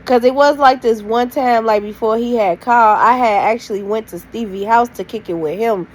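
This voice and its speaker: A woman's voice: on the high side, normal speed, low-quality recording. A woman telling a rambling storytime to her viewers in a loose, slangy, casual way, talking straight to the camera audience. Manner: rambling, loose slang-filled retelling with many "like"s; addresses viewers directly. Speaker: storytime vlogger.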